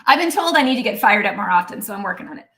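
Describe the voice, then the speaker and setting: A middle-aged woman, a naturopathic doctor, talking casually and animatedly in a live Q&A, with lots of "um" and "right?", now and then clearing her throat. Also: mid-range voice, racing. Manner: chatty and animated, acts out inner voices; frequent "um" and "right?" tags.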